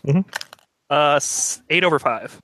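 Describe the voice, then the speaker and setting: A man's voice: a little high, sharp tone, slight background noise. Joking male tabletop player. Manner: joking, quick quips. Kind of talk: casual chat.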